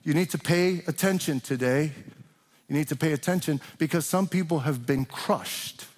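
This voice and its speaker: A man's voice: on the high side, moderate pace, darkish tone. A man preaching a sermon as pastor, passionate and emphatic, pressing his points with rising questions. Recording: long reverb of a large hall.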